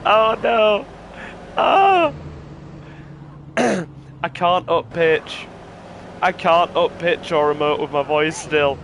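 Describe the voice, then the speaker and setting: A man with a worn, strained voice giving slow, rambling commentary while streaming a game. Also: a little high, fairly even intonation, a bit bright, a little hiss or hum. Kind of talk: casual gameplay commentary.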